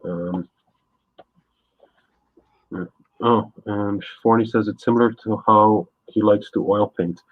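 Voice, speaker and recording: A man's voice: lowish voice, fairly even intonation, slow, pauses often, no echo. A man hosting a live painting stream, chatting casually with a guest while he paints, rambling with lots of fillers. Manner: rambling, laid-back, frequent fillers. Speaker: streaming artist host. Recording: tinny phone-like sound, dry.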